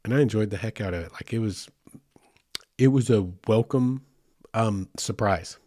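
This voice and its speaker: A man's voice: fairly low pitch, normal speed, dark tone, no room sound, clean studio sound. A man hosting a podcast, telling a road trip story in a loose, chatty way with many fillers and asides. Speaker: podcast host. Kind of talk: casual storytelling.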